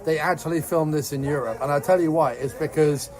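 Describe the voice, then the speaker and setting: Animated man ranting about films. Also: on the high side, fairly quick. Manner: animated, ranting, quotes scenes in voices. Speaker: podcast co-host. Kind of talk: casual film chat.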